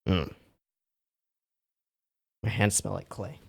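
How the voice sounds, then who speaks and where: A woman's voice: extremely low pitch, steady tone, takes it slowly, creaky, slightly rough. A woman hosting an anime reaction channel, chatting casually between takes and laughing and swearing at her own mistakes. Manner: giggly, self-mocking, swears and keeps laughing between takes. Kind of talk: casual behind-the-scenes chat.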